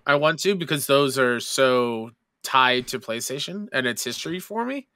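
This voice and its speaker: A man's voice: medium pitch, animated, normal speed, sharp tone, smooth, no room sound. A man co-hosting a podcast, chatting in an easygoing, agreeable way. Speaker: podcast co-host. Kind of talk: casual chat.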